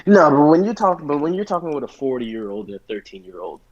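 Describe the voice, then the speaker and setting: A man co-hosting a casual podcast, an excitable, rambling storyteller full of fillers who runs tabletop games. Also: a little high, fast talker. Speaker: podcast co-host and game master. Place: bedroom or basement at home. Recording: lo-fi home recording.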